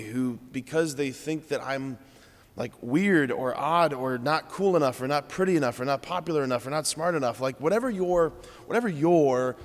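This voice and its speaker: A man's voice: medium pitch, in a large hall. A man, a Catholic priest, giving an earnest, conversational homily in a church.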